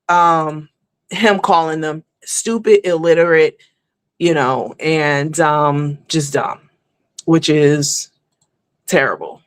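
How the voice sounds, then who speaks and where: A low female voice, with no echo, carries casual live-stream commentary. The host rambles on chattily and at length to her viewers, calling them honey and baby.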